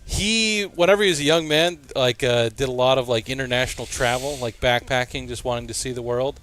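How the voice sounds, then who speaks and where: Co-host dude telling a story, mid-pitch voice, says like and uh a lot. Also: male voice, a little fast, a bit bright. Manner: rambling, lots of "like" and "uh". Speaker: sports talk show co-host. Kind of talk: casual storytelling on air.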